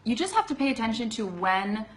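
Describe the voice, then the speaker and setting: A woman's voice: on the high side, sing-song, brisk, poor audio. A woman with a Californian accent giving a live online English lesson, chatty, laughing often and checking in with "okay?". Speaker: English teacher.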